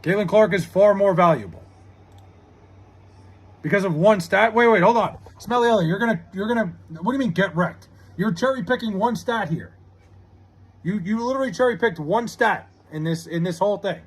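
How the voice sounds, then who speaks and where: Heated high-voiced young streamer man. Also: normal speed. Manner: heated, argumentative, swears a lot. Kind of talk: live-stream chat debate.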